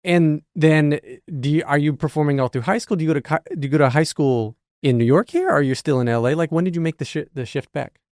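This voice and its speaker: A man's voice: fairly high pitch, fast, darkish tone, dry recording, studio quality. A man hosting a podcast, asking questions in a playful, joking way. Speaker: podcast host, interviewer. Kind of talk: casual interview chat.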